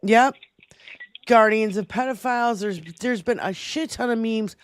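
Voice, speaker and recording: A woman hosting a political livestream talk show, profane and impassioned, sometimes shouting. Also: on the high side, unhurried, dry recording.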